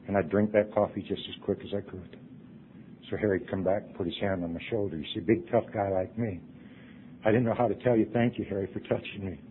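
A man telling his recovery story to a meeting, earnest, his voice dropping hushed at emotional points. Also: lowish voice, fairly even intonation, brisk, a little hiss or hum. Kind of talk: personal recovery talk. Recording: tinny phone-like recording.

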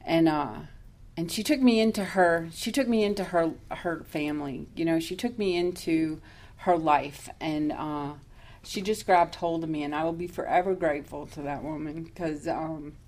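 A woman's voice: low voice, normal speed, a little mellow. A woman telling her own recovery story at a meeting, candid and self-mocking, laughing often as she talks. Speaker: recovery speaker.

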